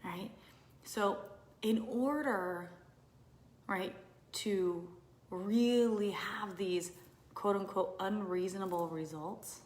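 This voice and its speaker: Woman business coach on a live stream, animated, swings from whispers to loud exclamations, roomy echo. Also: mid-range voice, slow pace, long pauses. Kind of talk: casual live stream talk to viewers.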